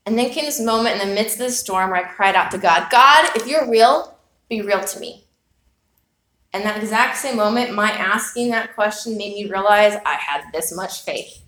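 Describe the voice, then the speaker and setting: Speaking a little fast with hardly any pauses, a woman preaches in an echoey space, her medium-pitched voice somewhat bright. She shares a personal story and asks earnest, reflective rhetorical questions.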